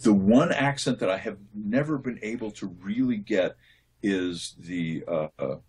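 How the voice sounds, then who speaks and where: A man, a voice actor, answering interview questions in a relaxed, thoughtful way, often restarting his sentences as he explains. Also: on the low side, unhurried, slight background noise. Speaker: voice actor guest.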